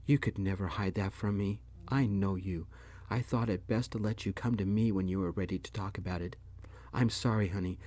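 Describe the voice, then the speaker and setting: A man reading an upset mother who shouts at her husband as she leaves him, with a deep, dark voice. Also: steady tone, normal speed, dry recording. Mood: tender. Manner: shouting, pleading.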